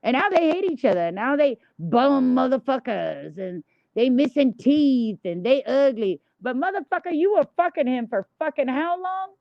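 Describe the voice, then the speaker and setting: A woman's voice: high-pitched, very animated, normal speed, creaky, no room sound. A woman livestreamer ranting in a blunt, heavily profane, indignant monologue. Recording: dull, dry lo-fi mic.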